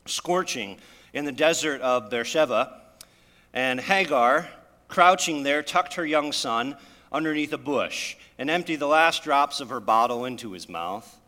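A man's voice: medium pitch, lively intonation, measured pace, bright, forceful tone. A man preaching a sermon, retelling scripture with dramatic storytelling and rising emphasis. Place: church. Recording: long hall reverb.

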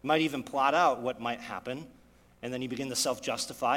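A man's voice: medium pitch, a little fast, a bit bright. A man in his thirties preaching a sermon, driving his points home with frequent rhetorical questions. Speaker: pastor. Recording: long hall reverb.

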